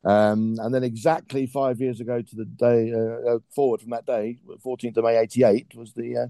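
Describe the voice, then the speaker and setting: A man's voice: mid-range voice, level tone, moderate pace, mellow, no room sound. A middle-aged man in a casual podcast chat, a football commentator who talks in long, wordy, drily ironic runs with plenty of fillers and puns.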